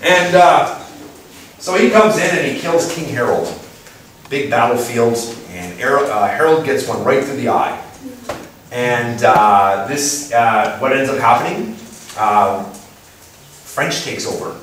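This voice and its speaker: A man giving a playful, lively lecture to an audience, asking them questions and putting on voices. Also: medium pitch, takes it slowly, pauses often. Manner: animated, playful, puts on voices and asks the crowd questions. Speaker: speaker giving a talk. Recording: echoey room from far off with faint noise.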